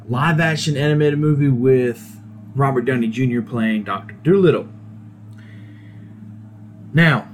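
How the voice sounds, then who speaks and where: A man's voice: mid-range voice, a little hiss or hum. Easygoing male podcast host reviewing a movie. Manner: rambling, hesitant, casual, with many ums. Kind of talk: casual solo movie review.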